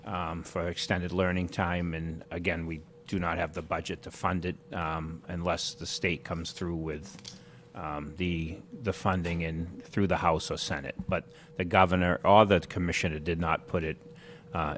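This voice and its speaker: A man answering questions at a school meeting, halting and hesitant, with many ums. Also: low voice, little pitch movement.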